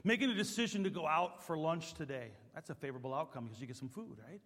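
Man preaching, high voice, quiet asides then loud emphatic lines, long hall echo. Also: fast talker. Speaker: pastor. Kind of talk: sermon.

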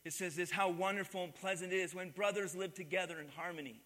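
In a church sanctuary with the sound of a large hall, a pastor preaches in call-and-response style, asking the congregation to answer back and repeat his words. His voice sits high and fairly bright, with fairly even intonation, and he talks fast.

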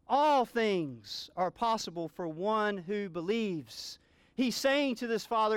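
A man's voice: high-pitched, lively intonation, unhurried, smooth, no echo. A man preaching a sermon, earnest and building to emphatic exclamations. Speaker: pastor.

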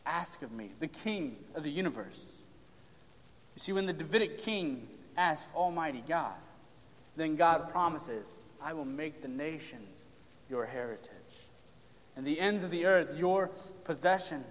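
A man delivers a sermon in a fairly high voice. He preaches with emphasis, then drops to near-whispers to drive a point home. His words ring out in a long reverberant hall. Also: animated, unhurried. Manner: emphatic, drops to hushed tones for stress.

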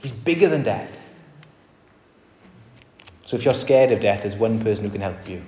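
A man's voice: fairly low pitch, expressive, normal speed, a little mellow. A man preaching a sermon to a congregation in an earnest way, asking rhetorical questions and acting out short quotes. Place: church hall before a congregation. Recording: echoey reverberant hall.

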